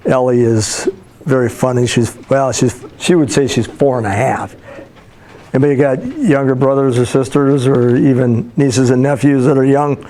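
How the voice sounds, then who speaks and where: A man's voice: medium pitch, moderate pace, warm tone. A man in his sixties, a school counselor, telling folksy stories with fillers and restarts as a guest speaker in a classroom. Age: 60s. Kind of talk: motivational talk to students.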